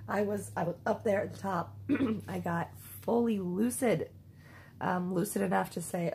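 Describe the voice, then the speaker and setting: A woman talking through her dream journal in a rambling, casual way, repeating words and clearing her throat, with the hiccups. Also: mid-range voice, moderate pace, a little mellow, a little hiss or hum, rough recording. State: has the hiccups. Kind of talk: casual spoken diary.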